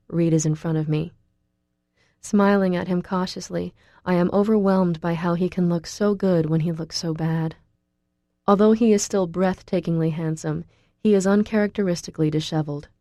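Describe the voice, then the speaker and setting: Audiobook narrator, woman, warm darker voice, dry close mic. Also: fairly low pitch, no room sound. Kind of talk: first-person audiobook narration.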